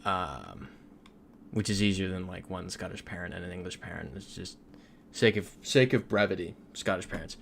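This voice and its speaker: A man's voice: low voice, expressive, normal speed, vocal fry, a bit bright, slight background noise. A young man from Florida, chatting casually on a livestream while he plays, reading out viewer comments and laughing often. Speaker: streamer.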